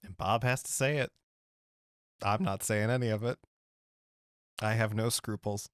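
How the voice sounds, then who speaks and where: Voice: medium pitch, steady tone, measured pace, no echo, clean studio sound. A podcast co-host in casual chat, teasing and jokey, reading out the show's plugs.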